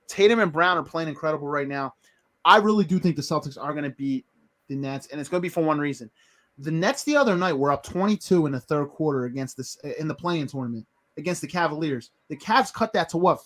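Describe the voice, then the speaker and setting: A man co-hosting a casual sports podcast, his voice sitting a little high. He talks with confidence and strong opinions, often repeating a word or two as he gets a thought going. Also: fairly bright tone. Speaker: podcast co-host.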